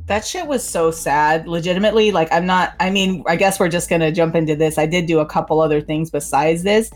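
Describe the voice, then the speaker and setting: A woman co-hosting a casual podcast chat, excitable and swearing often, filling her talk with "like". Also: on the low side, fairly quick. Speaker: podcast co-host. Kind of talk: casual chat about a video game. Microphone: desk microphone.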